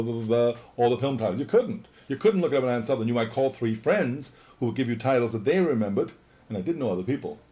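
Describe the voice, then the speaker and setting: A man's voice: medium pitch, mellow. A middle-aged man reminiscing in a casual interview, an exuberant, rambling storyteller.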